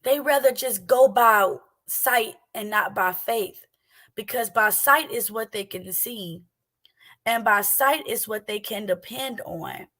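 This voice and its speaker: A woman's voice: fairly high pitch, slow, a bit bright. A woman hosting a faith livestream, preaching casually and emphatically, repeating phrases and asking rhetorical questions.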